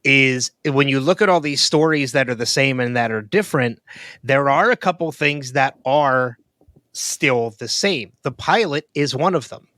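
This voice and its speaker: A man's voice: mid-range voice, moderate pace, bright, forceful tone, dry recording. A man co-hosting a podcast, chatting casually and thinking aloud with frequent ums and restarts. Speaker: podcast co-host. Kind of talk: casual chat.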